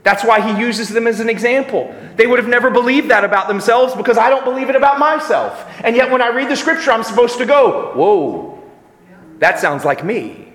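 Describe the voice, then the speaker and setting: A man preaching a sermon with a high, bright voice that rings through a large hall. He drops low and quiet for reflection, then climbs into loud, emphatic runs. Long reverb trails every phrase. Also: fast talker, few pauses.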